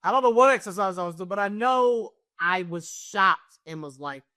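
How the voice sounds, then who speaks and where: A middle-aged woman with a naturally loud, carrying voice tells a deeply personal story as an interview guest. She is animated and slips into the voices of the people she describes. Her pitch sits in the middle for a woman, and the sound is dry, with no room echo. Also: moderate pace. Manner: animated, acts out what others said.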